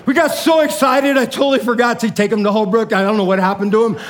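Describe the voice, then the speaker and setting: A man preaching a sermon as pastor, casual and energetic, calling people "man" and shouting out his key points. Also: high voice, fast. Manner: casual, peppers speech with "man".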